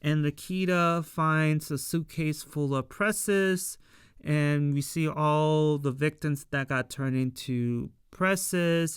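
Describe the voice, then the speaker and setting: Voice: mid-range voice, clear, resonant tone, no room sound, studio quality. A show reviewer casually recapping an episode, rambling with frequent fillers and acting out the characters' lines. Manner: rambling with frequent fillers, laughs at own retelling.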